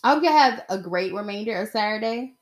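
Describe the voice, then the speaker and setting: A young woman hosting her own podcast, chatting casually and animatedly, getting excited as she tells stories. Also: mid-range voice, a little fast. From Atlanta area. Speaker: podcast host. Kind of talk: casual solo podcast chat.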